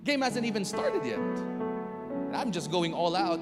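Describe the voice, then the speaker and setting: A man's voice: high-pitched, unhurried. A middle-aged man, telling a personal story to an audience and acting out the scenes. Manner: animated, acts out scenes and voices. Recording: long reverb with music behind.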